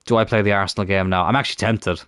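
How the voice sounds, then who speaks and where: A man's voice: on the low side, fairly even intonation, racing, fairly bright tone, clear, resonant tone, no room sound, studio quality. A man casually commenting on a football management game, often grumbling and swearing at it. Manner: frustrated, muttering, swears at the game. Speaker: gaming YouTuber.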